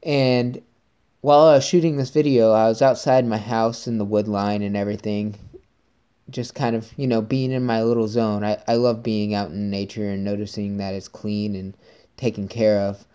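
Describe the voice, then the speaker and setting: Upbeat man with a mellow voice. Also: fairly low pitch, little pitch movement, moderate pace, clean tone. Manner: upbeat, rambling storytelling. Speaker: podcast host. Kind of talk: casual solo podcast monologue.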